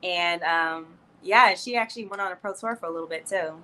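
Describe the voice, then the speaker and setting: Brief: young woman guest, bright, crisp tone, friendly and chatty. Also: on the low side, fairly quick, a little hiss or hum. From New Jersey and Florida, United States. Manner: friendly, chatty, laughs easily. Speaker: guest, PR professional. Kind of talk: casual interview.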